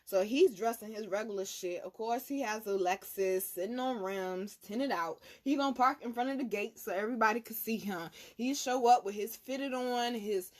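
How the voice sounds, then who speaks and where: Woman channel host, casual storytelling, animated and profane, pitch on the high side. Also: normal speed, few pauses. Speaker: tarot reader and channel host.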